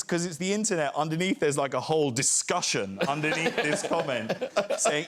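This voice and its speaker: A British actor telling lively, jokey anecdotes as a guest on a TV chat show. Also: male voice, on the high side, moderate pace, very noisy. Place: TV studio with audience.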